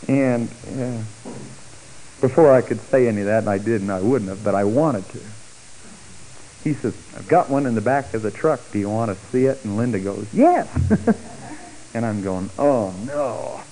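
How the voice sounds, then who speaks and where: Middle-aged guy telling his testimony, mellow warm voice, jumps way up when he acts out what people said. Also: brisk, a little hiss or hum, low-quality recording. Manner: animated, acts out quoted speech with big pitch jumps. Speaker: storyteller giving a testimony. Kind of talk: personal testimony story.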